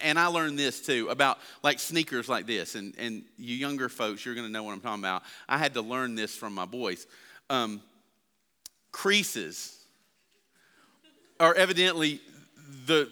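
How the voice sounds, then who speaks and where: A pastor preaches a sermon conversationally, asking the congregation questions, with a long hall reverb on the recording. His voice is medium-pitched, smooth, pushed and bright, at a moderate pace.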